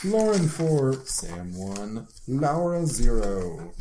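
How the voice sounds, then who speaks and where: Woman, very deep voice, lively pitch, chatty, noisy recording. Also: slow. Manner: chatty, self-deprecating. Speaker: podcast co-host. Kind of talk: casual game chat.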